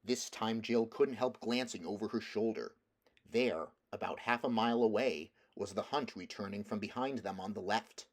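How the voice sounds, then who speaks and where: A man narrating a children's fantasy novel aloud in a steady, measured reading voice, now and then restarting a phrase. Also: lowish voice. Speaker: audiobook reader. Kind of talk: storybook narration.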